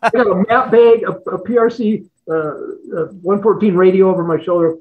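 This retired fighter pilot, a middle-aged man guesting in an interview, talks at normal speed in a voice that sits high. The line sounds tinny, like a phone, as he rambles through stories, repeating words and chuckling often.

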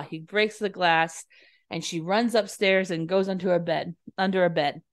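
A woman's voice: on the low side, fairly even intonation, normal speed. A young adult woman co-hosting a podcast, giving a chatty, giggly movie recap and briefly acting out the characters' lines. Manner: chatty, giggly, dips into quoted voices. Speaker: podcast co-host. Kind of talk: casual movie recap chat.

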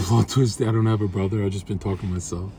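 A man's voice: on the low side, steady tone, fast, creaky, dark tone, slight background noise. A man streaming from his car, talking in brash, crude trash-talk to his chat. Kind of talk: casual livestream chat.

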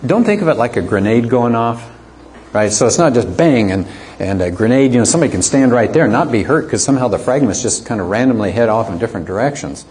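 A man's voice: medium pitch, animated, quick pace, a little mellow. A man teaching an apologetics class, lecturing conversationally and asking the students rhetorical questions.

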